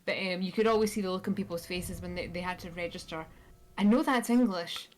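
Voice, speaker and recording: A Scottish woman chatting casually on a live stream, telling animated stories. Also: on the low side, quick pace, slight background noise. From Scotland. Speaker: podcast guest. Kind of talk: casual chat. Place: live stream, home setup. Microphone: stream mic.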